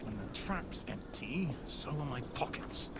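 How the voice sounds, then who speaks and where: A man's voice: medium pitch, sing-song, unhurried, creaky. An actor playing a greedy male scavenger who gloats about looting a trap, heard as game audio. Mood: smug. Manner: smug, gloating. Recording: game audio with background noise.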